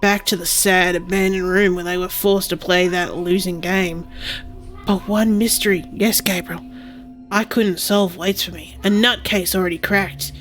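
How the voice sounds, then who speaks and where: A woman's voice: on the low side, steady tone, unhurried, soft background music, close to an everyday voice. A woman reading as an earnest detective heroine. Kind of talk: reading a game's narration aloud.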